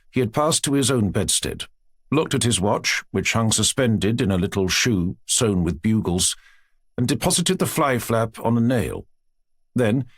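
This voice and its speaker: A man reading an audiobook in a measured, expressive narrating style. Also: on the low side, slightly rough, dry recording, clean studio sound. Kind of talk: scripted narration.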